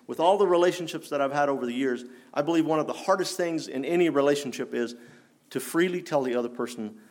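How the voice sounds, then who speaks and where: A man preaching a sermon in an earnest, challenging way, rising for emphasis and dropping low. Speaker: pastor.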